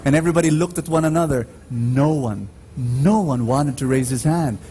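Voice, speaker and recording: A man with a Filipino accent preaching a sermon in slow, emphatic phrases, his pitch swinging widely as he drives each point home. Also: animated. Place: church. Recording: faint background noise on a radio live stream.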